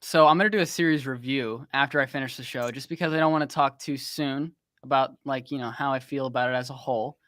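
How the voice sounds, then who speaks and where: A man's voice: mid-range voice, steady tone, quick pace, few pauses, fairly bright tone, no echo, clean studio sound. A man who creates fan films, chatting casually with a teasing, filler-heavy way of talking. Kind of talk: casual chat.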